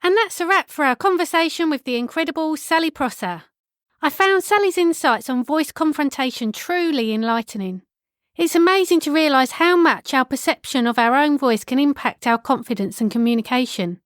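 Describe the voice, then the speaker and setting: Brief: woman host, high bright pitch, polished scripted outro, dry close mic. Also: animated, normal speed, no room sound. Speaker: podcast host.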